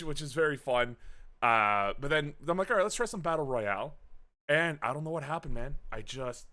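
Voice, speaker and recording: A man co-hosting a casual gaming podcast, talking in an animated way, swearing freely and filling his talk with "uh" and restarts. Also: mid-range voice. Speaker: podcast co-host.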